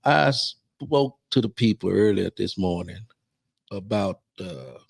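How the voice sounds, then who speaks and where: A man co-hosting a talk show, speaking slowly and encouragingly in a preacher-like way. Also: low-pitched, lively intonation, vocal fry, slightly rough, no room sound. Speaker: co-host. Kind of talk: casual chat.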